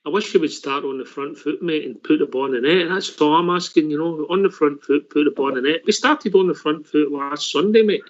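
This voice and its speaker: A man's voice: fairly high pitch, brisk, hardly any pauses, dull audio. A man hosting a football phone-in, bantering in an easygoing, joking way. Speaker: radio phone-in host. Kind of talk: casual football phone-in chat.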